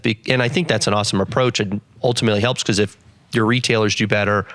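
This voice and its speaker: A man hosting a casual podcast, telling stories with lots of fillers and lively quoted voices. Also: lowish voice, quick pace, no echo. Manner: storytelling, many fillers, playful quoted voices. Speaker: podcast host.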